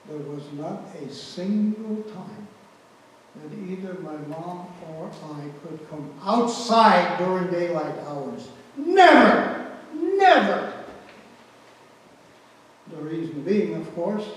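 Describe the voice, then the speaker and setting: A man's voice: a little high, a little mellow, slight background noise. A man in his eighties giving spoken testimony to an audience, telling his story earnestly and repeating words for emphasis. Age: 80s. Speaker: Holocaust survivor giving testimony. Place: large community event hall. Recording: echoey hall, voice from far off.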